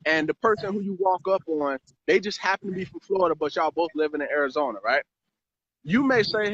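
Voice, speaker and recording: High-voiced man rambling on a live stream. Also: a little fast, a bit bright. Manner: rambling, repeats words, lots of "right?". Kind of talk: casual motivational chat. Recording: dry, slightly muffled live stream audio.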